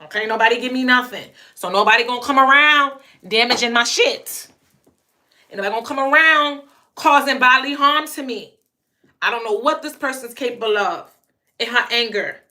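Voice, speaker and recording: A woman's voice: fairly high pitch, normal speed, bright, forceful tone. A young adult woman vlogger telling a personal story to camera in a blunt, emphatic way, often stuttering through repeated words.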